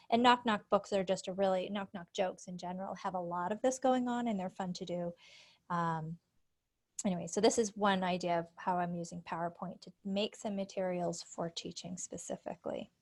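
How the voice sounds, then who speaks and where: A woman's voice: on the low side, steady tone, normal speed. Woman explaining teaching activities. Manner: friendly, explanatory, with frequent fillers. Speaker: speech-language pathologist presenting to teachers. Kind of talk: conference presentation, screen-share walkthrough.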